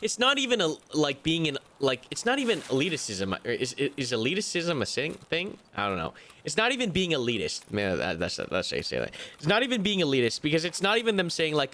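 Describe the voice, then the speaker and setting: A young man streaming a game, chatting casually in a rambling, profane, animated way. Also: on the high side, fairly quick, hardly any pauses, slight background noise. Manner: rambling, profane, animated rants with mocking impressions. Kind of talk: casual live-stream chat while gaming.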